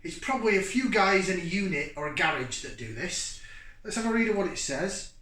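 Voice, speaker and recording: Casual host thinking aloud with fillers; sharp, forceful tone, recorded off-mic. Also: male voice, high-pitched, animated, brisk. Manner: rambling and chatty, thinking aloud with many fillers. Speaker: beer reviewer and channel host. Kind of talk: casual beer review to camera. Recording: echoey room, mic at a distance.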